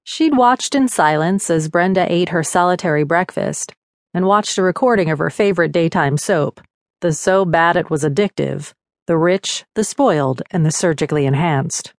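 A woman reading an audiobook in a measured, wry manner. Her voice sits fairly low. It is recorded close and dry in a studio. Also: no room sound. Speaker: audiobook narrator. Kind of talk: scripted audiobook narration.

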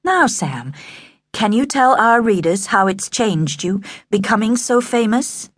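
A woman voicing a glamorous reporter who speaks in a soft, confidential tone. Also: medium pitch, sing-song, unhurried, breathy edge, dry recording, studio quality, voice pushed up. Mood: smooth.

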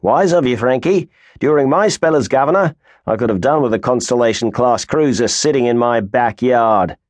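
A man voicing a gruff, proud male starship captain who answers stiffly. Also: mid-range voice, moderate pace, no room sound, close to an everyday voice. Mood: wry. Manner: stiff, growling, then smug.

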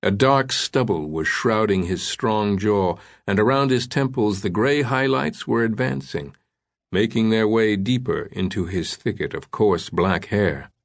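A man with a low voice reads an audiobook thriller in a measured, suspenseful manner. His delivery is scripted and even. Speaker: audiobook narrator.

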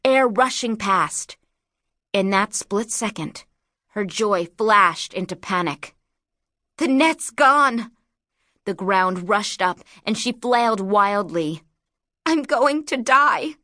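A woman narrating an audiobook in a measured, dramatic storytelling manner. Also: mid-range voice, fairly bright tone, dry recording, clean studio sound.

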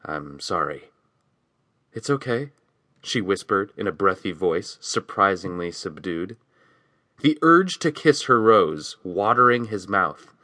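Man narrating a novel, bright dry voice. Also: deep voice, expressive, a little slow, no echo. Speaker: audiobook narrator. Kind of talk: scripted narration.

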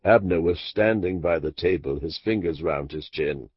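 A man narrating a classic mystery audiobook in a measured, expressive storytelling manner. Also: low voice, slightly rough, no echo. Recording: dull dry lo-fi audiobook recording.

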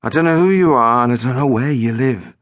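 A man's voice: mid-range voice, fairly quick, dry recording, voice pushed up, close to an everyday voice. A man voicing a mysterious teenage boy on the phone in an audiobook, evasive and tetchy. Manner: evasive, flat insistence turning tetchy. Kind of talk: audiobook narration.

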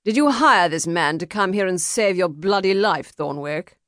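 A woman voicing a snarling, contemptuous gentleman duelist in a historical audiobook. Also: lowish voice, expressive, normal speed, no echo, clean studio sound, voice pushed up. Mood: snarling, scornful.

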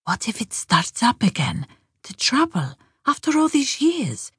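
A woman's voice: very animated, a little slow, fairly bright tone, husky, dry recording, clean studio sound, exaggerated voice. A woman voicing an anxious, bustling sixty-five-year-old daughter-in-law with a raised, fretful voice. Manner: fretful, higher-pitched.

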